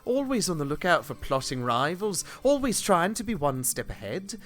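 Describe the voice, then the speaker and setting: A man's voice: fairly high pitch, big pitch swings, moderate pace, a bit bright, soft background music. A man voicing a haughty, defensive noblewoman in a video game, with a put-on northern English accent that keeps slipping into Irish. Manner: defensive, aloof, theatrical. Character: haughty widowed noblewoman suspect.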